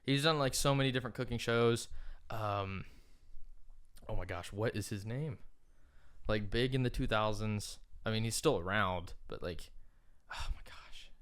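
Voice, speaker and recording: A man's voice: fairly low pitch, moderate pace, fairly bright tone, smooth. A man co-hosting a podcast in casual chat, rambling with many fillers and frequent laughs. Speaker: podcast co-host.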